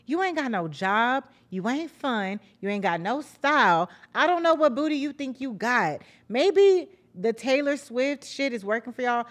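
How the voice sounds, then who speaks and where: A young woman hosting a casual reality-TV recap, blunt, profane and sarcastic in her commentary. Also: on the high side. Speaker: podcast host recapping reality TV.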